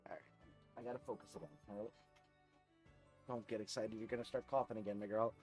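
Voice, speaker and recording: A young man streaming a game live, chatting casually with viewers and softly cooing to his dog, rambling with fillers. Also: fairly low pitch, fairly even intonation, fast talker, faint music behind.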